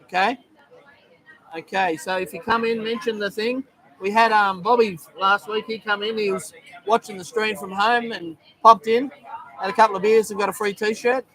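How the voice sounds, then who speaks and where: A man's voice: high voice, fairly even intonation, moderate pace, bright, forceful tone. A middle-aged Australian man hosting a casual live stream, chatting loosely with many ums and greeting viewers by name. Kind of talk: casual live-stream chat reading comments. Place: busy bar in Thailand. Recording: noisy bar crowd behind. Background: bar crowd chatter.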